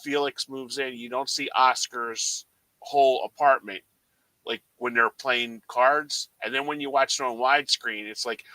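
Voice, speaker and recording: A man's voice: medium pitch, steady tone, unhurried, pushed and bright, dry recording, poor audio. A man co-hosting a movie podcast, telling stories in a rambling, casual way full of fillers. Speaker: podcast co-host. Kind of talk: casual chat.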